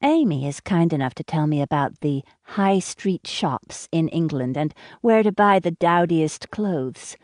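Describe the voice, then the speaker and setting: Low-voiced woman narrating an audiobook. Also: animated, measured pace, few pauses, a little mellow, no echo, studio quality. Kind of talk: first-person audiobook narration.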